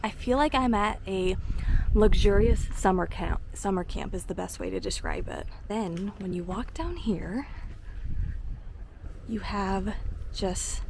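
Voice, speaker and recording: Excitable woman vlogger, gravelly fry, filming outdoors on a camera with lots of background noise. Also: mid-range voice. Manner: gushing and excitable, says "like" and "oh my God" a lot. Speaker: travel vlogger. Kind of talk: casual travel vlog. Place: outdoors at a lakeside lodge. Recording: noisy outdoor ambience.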